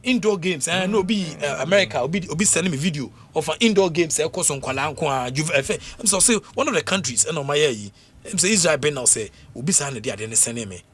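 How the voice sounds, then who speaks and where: A Ghanaian man on a radio sports panel, talking in a loose, animated run that keeps breaking into laughter and fillers. His voice sits a little high, and he circles back and repeats himself as he builds a point. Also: fast talker. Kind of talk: casual radio sports talk mixing English and Twi.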